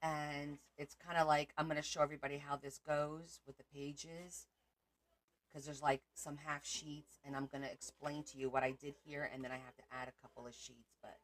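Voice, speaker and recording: A woman hosts a casual crafting livestream from home. She chats freely with her viewers as she shows her work, in a voice a touch low in pitch. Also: little pitch movement, normal speed.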